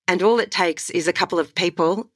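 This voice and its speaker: An Australian woman talks as a voice coach in an interview, lively and enthusiastic. Her voice sits on the low side. The close mic gives a dry sound. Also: brisk, dry recording. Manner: enthusiastic, animated storytelling with laughs. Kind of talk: conversational interview.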